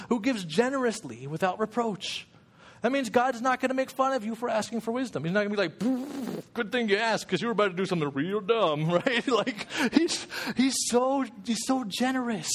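A middle-aged man giving a casual, jokey sermon as guest preacher, often acting out quoted voices. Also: extremely high pitch.

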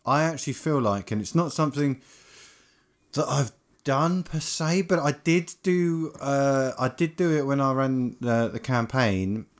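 A man co-hosting a casual podcast about tabletop games, talking in a relaxed, agreeable way with fillers. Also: medium pitch, a little slow. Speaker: podcast co-host and game master.

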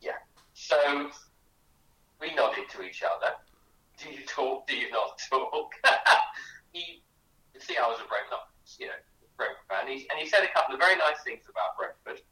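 A man's voice: a little high, expressive, normal speed, pauses often, sharp tone, reverberant, distant mic, low-quality recording. A man, a guest author on a radio interview, telling chatty anecdotes with many restarts. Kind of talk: animated storytelling in a radio interview.

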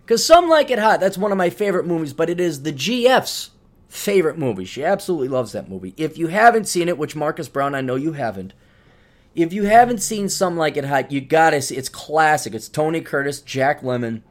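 A man's voice: fairly high pitch, sing-song, brisk. A middle-aged man hosting a podcast, telling a rambling story in a casual monologue with many restarts. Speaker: podcast host.

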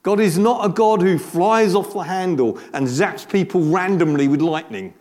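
A man delivers a sermon in a relaxed, conversational manner. His voice sits fairly high for a man. He stumbles over and repeats words now and then, and often turns his points into rhetorical questions for the listeners. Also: normal speed. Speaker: pastor.

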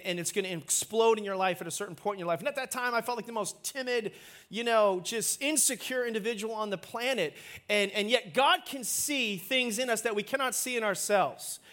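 A male pastor with a rather high-pitched voice preaches to his congregation. He keeps things light and jokey, teasing himself and coaxing the room to answer back. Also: a bit bright. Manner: playful, self-mocking, prompts the congregation. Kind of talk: sermon.

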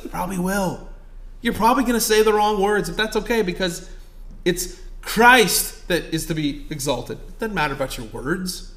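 High voiced guy preaching, chatty storytelling then loud pushy bits. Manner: conversational, swings from quiet storytelling to loud exhortation. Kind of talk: sermon.

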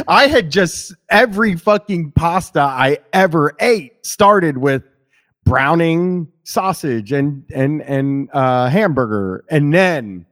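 A man's voice: a little high, lively intonation, takes it slowly, a bit bright. A man in casual conversation who rambles, restarts his sentences, swears freely and laughs easily. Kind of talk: casual chat.

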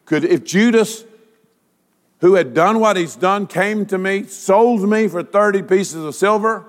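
A male pastor delivering a sermon, asking rhetorical questions and using dramatic pauses. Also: high voice, in a large hall.

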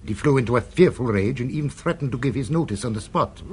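An actor playing a suave, commanding restaurant owner who speaks formally and politely in a radio play. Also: male voice, mid-range voice, animated, quick pace, a little hiss or hum, close to an everyday voice. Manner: smooth, formal, polite but stern.

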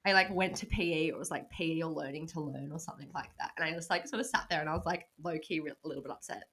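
A woman in her twenties with an Australian accent, co-hosting a casual podcast and telling stories with lively quoted asides. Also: low-pitched, rapid-fire, noisy background. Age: 20s. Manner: storytelling, swears freely, animated quoted asides. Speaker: podcast co-host. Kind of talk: casual chat.

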